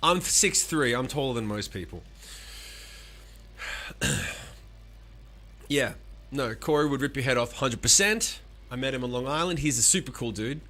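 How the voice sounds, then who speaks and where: A man in his forties, a musician streaming live, talking casually with animated, profane rants and answering chat. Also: medium pitch, moderate pace, pauses often.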